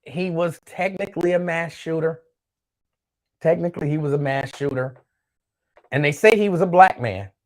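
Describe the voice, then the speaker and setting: A man hosting his own show, chatting casually on his own and reading out viewer comments in a loose, rambling way that repeats itself. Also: a little high. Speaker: show host.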